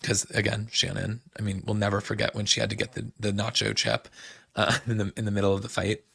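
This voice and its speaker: A man's voice: lowish voice, flat delivery, brisk, gravelly, sharp tone, slightly rough, no echo. A young man hosting a podcast, chatting casually with lots of fillers as he recaps shows. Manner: chatty, fillers like "like" and "um", quotes people. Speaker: podcast host.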